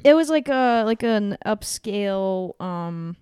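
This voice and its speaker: A woman's voice: medium pitch, expressive, slow, darkish tone, clear, resonant tone, dry recording, clean studio sound. A young woman on a podcast, giggly and full of fillers, telling a story in casual chat. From Massachusetts. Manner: giggly, laughs often, many fillers. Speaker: podcast co-host.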